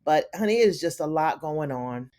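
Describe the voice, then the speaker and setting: A woman hosting a casual TV episode recap, chatty and animated, who often calls her viewers honey. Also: deep voice, normal speed. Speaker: TV recap host.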